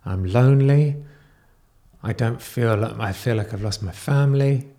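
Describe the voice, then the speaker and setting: A man with a somewhat low voice talks straight to camera in a raw video diary. He sounds close to tears. He stumbles, restarts and trails off into quieter stretches as he talks. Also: normal speed. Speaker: vlogger.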